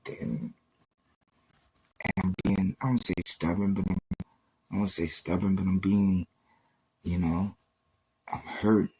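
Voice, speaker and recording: A man's voice: low voice, slow pace, pauses often, darkish tone, slightly rough. A man on a livestream giving an intense, emotional faith testimony, repeating himself and acting out quoted exchanges.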